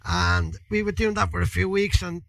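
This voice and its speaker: A man in his fifties with a Dublin accent, telling a story as an interview guest in a colloquial, animated way, with plenty of swearing. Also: high voice, normal speed, vocal fry, no echo, rough recording. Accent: Irish, Dublin. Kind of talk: anecdotal storytelling.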